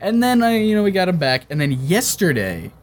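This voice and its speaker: A young man with a slightly high voice chats casually with a friend. He teases him and plays up his feelings for effect. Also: sing-song. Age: young adult. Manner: teasing, emotive, quick to exaggerate. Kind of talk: casual chat.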